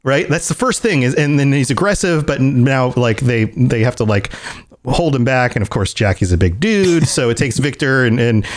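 Chatting casually, a man with a mid-range voice recounts a game story at a moderate pace. He restarts frequently and animatedly performs the quoted lines of the characters.

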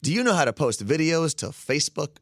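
A man's voice: a little high, sing-song, fairly quick, no echo, studio quality. A man from Minnesota co-hosting a podcast, chatting casually in a rambling, jokingly defensive way. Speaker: podcast co-host. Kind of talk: casual chat.

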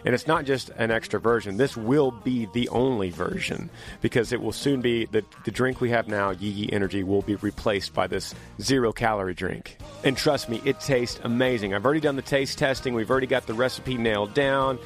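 A man hosting a casual solo podcast in an upbeat, chatty way, his voice deepened by years of singing. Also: brisk, soft background music. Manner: upbeat, chatty, teasing his younger self. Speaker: podcast host.

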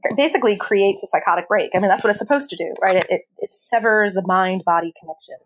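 A woman speaks as an interview guest, recounting a personal story in a candid, animated way. She laughs often as she talks. Her voice sits at an ordinary middle pitch. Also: fast, slight background noise.

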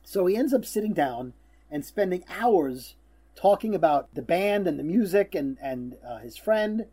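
A man's voice: sits high, expressive, unhurried, warm tone, slightly rough. A middle-aged man hosting a podcast, telling stories in a teasing, casual way with plenty of fillers. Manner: storytelling, teasing, stumbles on fillers. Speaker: podcast host.

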